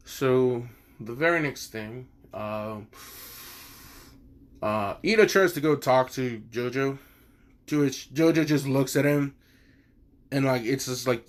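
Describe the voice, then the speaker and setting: A man's voice: mid-range voice, a little slow. A man casually retelling a fan story, rambling and swearing, with many fillers and asides.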